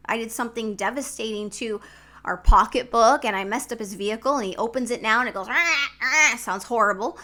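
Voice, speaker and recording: A woman's voice: on the high side, fairly bright tone. A woman relationship coach giving candid advice to men straight to camera, speaking frankly and swearing freely. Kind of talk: direct-to-camera advice vlog.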